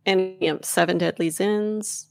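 A woman co-hosting a podcast in casual chat, unhurried and searching for words, laughing often. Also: medium pitch, steady tone, vocal fry, darkish tone. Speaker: podcast co-host.

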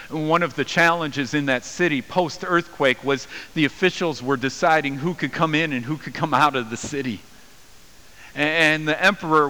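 Earnest male preacher in a reverberant hall. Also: pushed and bright. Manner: earnest, rises in pitch for quoted voices. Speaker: pastor. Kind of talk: sermon.

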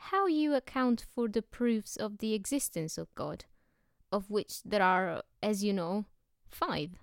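A woman voicing a polite, eccentric foreign man who speaks in drawn-out, squeaky exclamations in an audiobook reading. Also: animated, creaky, no room sound, studio quality. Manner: effusive and overly polite.

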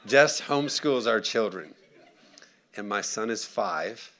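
Animated man preaching a sermon. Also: fairly low pitch, slow pace. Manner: animated, acts out quotes, asks the congregation for responses. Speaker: pastor.

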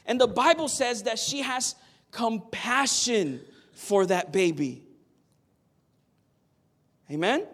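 A man's voice: extremely high pitch, expressive, takes it slowly, pauses often, fairly bright tone. A man preaching a sermon, earnest and emphatic, often asking the listeners "Amen?". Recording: long hall reverb.

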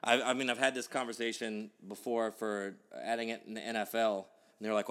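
A man's voice: medium pitch, fairly quick, a bit bright. Man, podcast co-host: loose, rambling, casually profane sports talk. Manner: rambling, with frequent restarts and swearing.

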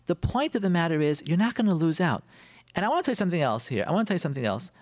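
A man's voice: fairly high pitch, very fast, no room sound. A man hosting a radio talk show, enthusiastically promoting an event with repeated phrases and Hebrew expressions. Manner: animated, repetitive, sprinkled with Hebrew phrases. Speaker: radio host.

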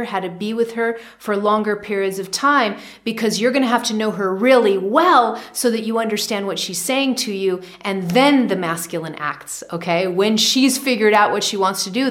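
Speaking to camera in a mid-range voice, a woman gives a spiritual teaching monologue. She repeats phrases for emphasis and frequently checks in with "okay."

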